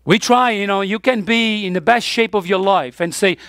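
A man's voice: sits high, moderate pace, hardly any pauses, a bit bright, no echo, clean studio sound. A man preaching a sermon as pastor, emphatic, with his voice rising on the key points.

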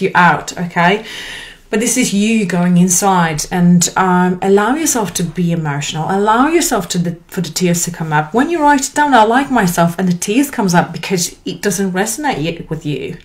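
Earnest woman coaching in her thirties. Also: normal speed. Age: 30s. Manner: earnest and encouraging, lively swings in pitch. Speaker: life coach. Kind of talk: motivational talk to camera.

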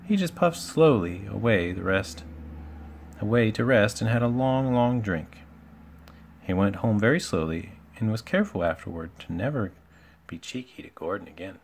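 A man with a fairly low voice reads a children's storybook aloud. His reading is relaxed and homely, with small slips and friendly asides along the way. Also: normal speed, gravelly, slight background noise. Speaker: storybook reader.

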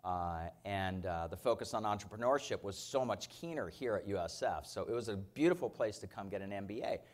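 A man in his fifties giving an energetic motivational keynote as a company founder, telling stories and often checking in with his audience. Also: on the low side, brisk. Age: 50s. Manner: energetic, storytelling, keeps checking in with "okay?". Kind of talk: motivational conference talk. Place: conference stage.

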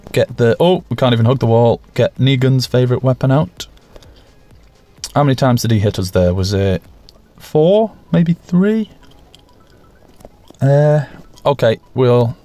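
Gaming host, man, mid-pitched, joking and self-deprecating, faint music underneath. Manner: jokey and self-mocking, excited bursts. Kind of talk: casual gameplay commentary.

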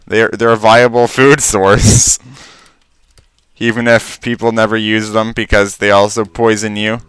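A man's voice: on the low side, level tone, a little slow, fairly bright tone, clean tone, no room sound. A man giving casual, rambling commentary while playing a game, talking to himself and stammering when surprised. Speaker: Let's Play commentator.

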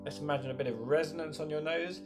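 A man leading a choir rehearsal, gently giving instructions, counting in and singing short lines for the singers to repeat. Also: a little high, steady tone, quick pace, music in the background. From England. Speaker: choir leader. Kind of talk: online choir rehearsal, call and response.

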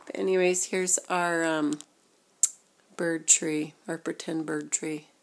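A woman's voice: sits low, little pitch movement, takes it slowly. A young woman chatting casually as she shows her reborn doll collection, rambling with fillers and self-corrections. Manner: talks softly, sometimes dropping to a near whisper. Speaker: vlogger showing her reborn dolls. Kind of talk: casual chat.

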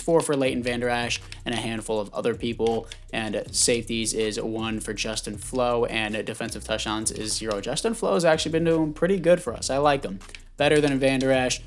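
A man giving casual commentary on a football video game, chatty and thinking out loud, often stumbling over names and correcting himself. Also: mid-range voice, slight background noise. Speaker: gaming YouTuber.

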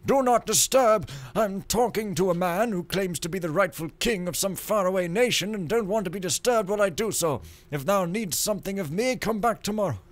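A man's voice: brisk, hardly any pauses, no echo, close to an everyday voice. A man voicing a self-important male priest who brushes off visitors pompously. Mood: dismissive. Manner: pompous, high and loud.

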